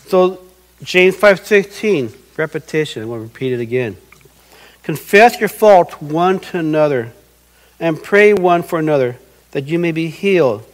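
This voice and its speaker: A man's voice: fairly high pitch, lively intonation, a little slow, low-quality recording. A middle-aged man preaching a sermon as pastor, earnest and acting out quoted voices.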